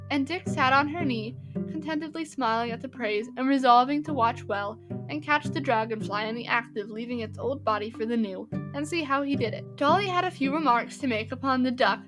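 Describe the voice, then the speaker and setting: Woman narrator, high voice, expressive storybook reading over background music. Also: a little fast. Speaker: audiobook narrator.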